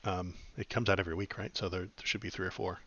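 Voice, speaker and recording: A man's voice: sits low, fairly even intonation, quick pace, a bit bright, dull audio, slight background noise. A man hosting a podcast in casual chat, rambling and wry with lots of fillers. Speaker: podcast host.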